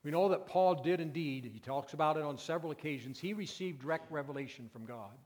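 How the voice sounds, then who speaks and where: A male pastor delivers an earnest sermon, dropping low and quiet, then building to loud, emphatic declarations. His voice sits a little high for a man. The church hall gives every phrase a long, ringing tail. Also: quick pace. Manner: earnest preaching, swings from hushed to loud emphatic peaks.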